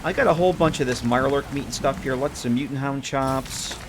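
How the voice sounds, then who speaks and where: A man's voice: medium pitch, brisk, background noise. A man streaming a game live, chatting casually with viewers and joking with characters as he plays.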